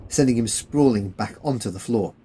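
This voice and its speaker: A man narrating a war story audiobook in a plain, steady reading. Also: medium pitch, normal speed, slight background noise, low-quality recording.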